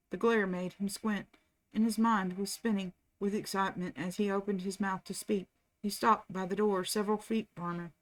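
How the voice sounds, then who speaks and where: A woman reading a novel aloud at a steady, unhurried pace, as the host of a reading channel. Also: mid-range voice.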